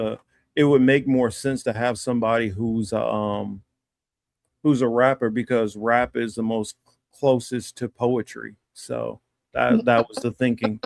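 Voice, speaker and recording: Gravelly man chatting in a rambling way. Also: medium pitch, a little mellow, no room sound, clean studio sound. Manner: rambling, halting, many fillers. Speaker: livestream co-host. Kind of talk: casual chat.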